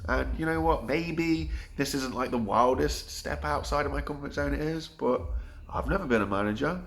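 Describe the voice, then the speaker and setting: A man's voice: on the high side, normal speed, creaky. A man in his thirties, talking earnestly in a rambling vlog monologue with many restarts. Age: 30s. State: getting choked up. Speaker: vlogger.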